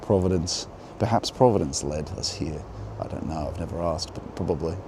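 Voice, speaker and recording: A vlogger strolls through a church garden beside a harbour, talking in a musing, offhand way for a walking-tour video. His voice is low and at normal speed, with outdoor ambience and passing traffic in the background.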